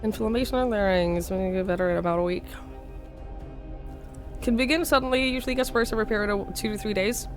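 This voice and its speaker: A young woman from Norway with a slight Norwegian accent, speaking hoarsely while sick, chatting casually on a live stream and thanking viewers by name. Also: medium pitch, quick pace, pauses often, soft background music. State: hoarse, sick with a sore throat.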